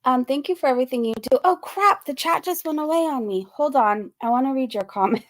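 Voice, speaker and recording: A woman hosting a reaction stream, reading chat comments aloud and making sarcastic, quick asides. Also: sits high.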